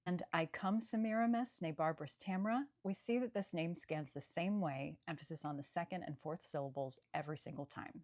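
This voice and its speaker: A woman coach walks through verse with a bouncy, animated delivery that swoops up and down. Her voice sits on the lower side for a woman. She sounds chatty and upbeat as she explains. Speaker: acting coach. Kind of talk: short explainer video.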